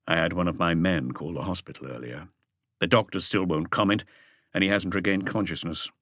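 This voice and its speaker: A man doing a calm, low-voiced chief inspector. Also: brisk, dry recording, studio quality. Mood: measured.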